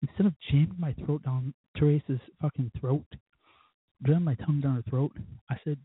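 A man's voice: fairly high pitch, normal speed, slightly rough, phone-quality sound. A man hosting a show, telling a first-date story in a rambling, profane, self-mocking way. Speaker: podcast host. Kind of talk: casual storytelling monologue.

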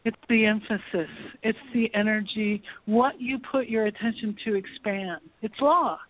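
A woman's voice: mid-range voice, a little slow. Woman talk host, preachy emphatic delivery, sounds like a phone call. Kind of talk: spiritual talk show hosting. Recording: tinny phone line, dry.

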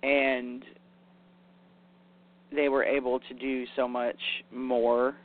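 Man preaching casually over a tinny line. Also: medium pitch. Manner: conversational, paraphrases scripture with "basically" and "you know". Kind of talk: casual sermon with scripture reading. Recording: tinny phone-like sound.

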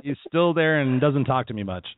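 A man's voice: mid-range voice, animated, no echo. A man hosting a casual interview chat, blunt and emphatic in how he talks. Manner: blunt, emphatic, fast-talking. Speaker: podcast host. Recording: tinny phone-line audio, dry.

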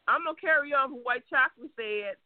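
Very high-voiced, defiant man. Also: fairly quick, a loud crowd. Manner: emphatic, defiant. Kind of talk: heated call-in radio chat. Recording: tinny phone-like line.

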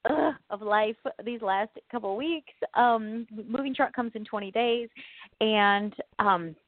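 Chatty bubbly lady, kinda high, tired and stressed, phone-line sound. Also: a little slow, no echo. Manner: bubbly, laughs often, rambling. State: stressed and exhausted. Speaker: co-host. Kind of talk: casual chat. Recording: tinny phone line, dry.

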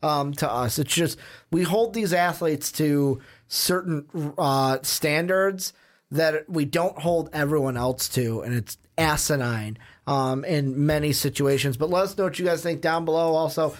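A man's voice: on the high side, unhurried. A young man hosting a podcast, talking loosely with swearing and lots of "um" fillers. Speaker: podcast host. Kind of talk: casual podcast chat.

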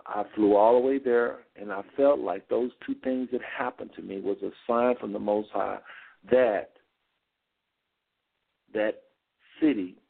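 A man's voice: fairly low pitch, creaky. A man hosting a show, telling a rambling story in a folksy way and talking straight to his listeners. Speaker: host. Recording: phone-line sound.

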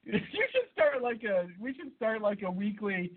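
A man with a notably high voice, congested from a cold, rambles through crude podcast banter and chuckles at his own jokes. The sound is narrow and phone-like. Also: lively intonation, normal speed. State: stuffed up from a cold. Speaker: podcast co-host.

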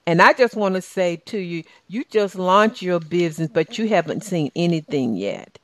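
A woman's voice: on the low side, expressive, normal speed, no echo. A middle-aged woman with a Southern US accent hosting a talk show, encouraging and full of restarts. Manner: warm, encouraging, with many restarts and fillers. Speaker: radio show host and life coach.

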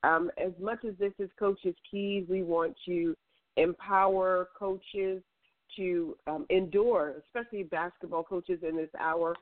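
A woman's voice: lowish voice, steady tone, measured pace, no echo. An upbeat woman hosts a faith-based radio show over the phone. She repeats words for emphasis. The sound is thin and phone-like, with a dry, close feel. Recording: tinny phone line.

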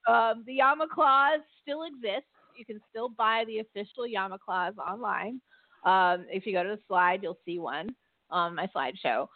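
A woman co-hosts a casual podcast chat in a mid-range voice at normal speed, talking loosely with plenty of fillers and frequent laughter. The recording is dry and sounds like a phone line.

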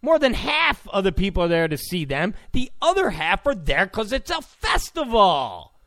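A man's voice: sits high, big pitch swings, moderate pace, pushed and bright, dry recording, clean studio sound. A man delivering a sarcastic, mocking political rant in blunt, casual commentary.

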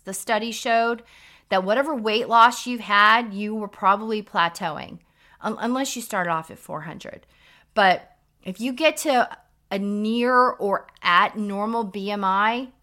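Frank, lecturing woman with a bright voice. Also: on the high side. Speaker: podcast co-host, nurse practitioner. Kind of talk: casual health talk.

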